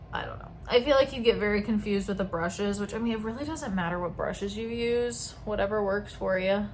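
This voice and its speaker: A woman's voice: medium pitch, a little hiss or hum. A young woman vlogging at home at night, chatting casually and rambling through asides while she does her makeup close to the camera. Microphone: camera very close to her face.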